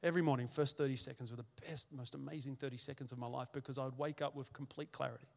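A man's voice: mid-range voice, fairly even intonation, fast talker, vocal fry. A middle-aged man preaching a sermon as pastor, emphatic, repeating his phrases, with self-deprecating humor. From Australia. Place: church hall. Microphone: handheld microphone. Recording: long church-hall reverb.

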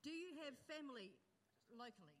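A woman's voice: sits high, sing-song, brisk, noisy background. A woman leading church outreach, talking to a congregation in a chatty, grateful way with fillers and laughs. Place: church auditorium. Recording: long reverb in a large hall.

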